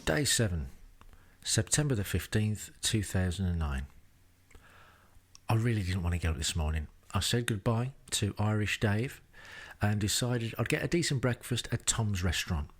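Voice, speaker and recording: Speaking from a rented home, the English host narrates his travels in a dry, self-deprecating style full of wry remarks. His voice is lowish, with lively intonation and normal speed.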